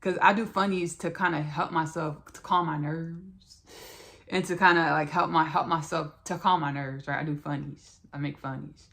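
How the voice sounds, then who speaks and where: A woman hosts a spiritual podcast in a low voice with a gravelly, creaky edge. She circles back over her phrases and keeps calling her listeners "y'all" and "baby.". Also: fairly even intonation, normal speed, a bit bright. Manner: repetitive, talks straight to listeners as "y'all" and "baby". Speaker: podcast host.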